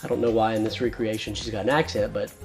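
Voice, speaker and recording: A man's voice: on the low side, quick pace, vocal fry, soft background music. A man in his thirties hosting a casual video review, talking enthusiastically. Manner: enthusiastic, animated. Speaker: host.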